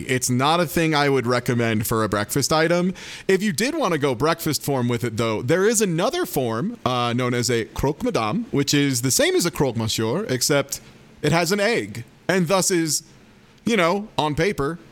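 A man's voice: a little high, very animated, normal speed. Man enthusing at length on a podcast. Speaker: podcast co-host. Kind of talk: casual chat.

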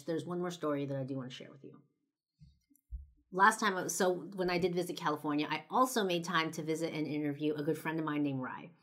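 A woman's voice: sits low, bright, forceful tone. A woman in her twenties telling a personal story in a casual, chatty way, with lots of fillers and some swearing. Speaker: podcast and video host.

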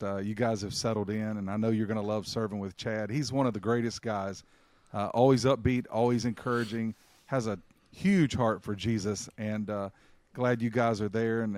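A man's voice: lowish voice, fairly even intonation, fairly quick, a little mellow, no room sound. A man co-hosting a podcast, speaking earnestly and encouragingly in casual chat. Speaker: podcast co-host.

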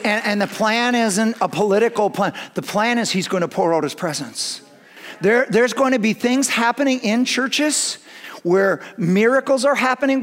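A male pastor with a high-pitched voice preaches a sermon earnestly. His delivery swings between hushed, quiet passages and emphatic declarations.

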